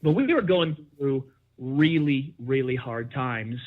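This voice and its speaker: A man talking as a podcast guest, telling a personal story in an animated, emphatic way and acting out the dialogue. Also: medium pitch, takes it slowly. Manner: animated, emphatic, acts out dialogue in his stories. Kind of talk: conversational storytelling. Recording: dull lo-fi sound.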